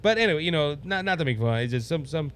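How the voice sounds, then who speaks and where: A man's voice: fairly high pitch, animated, fast talker, a bit bright, clean tone. A man from Louisiana with a Cajun accent hosting a casual political talk show, rambling and restarting his sentences as he talks. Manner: rambling, stumbles over words and restarts, laughs at himself. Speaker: podcast host.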